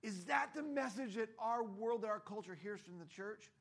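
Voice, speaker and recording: Husky high-voiced man preaching a sermon. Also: moderate pace. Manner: conversational, acts out voices in quotes. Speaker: pastor.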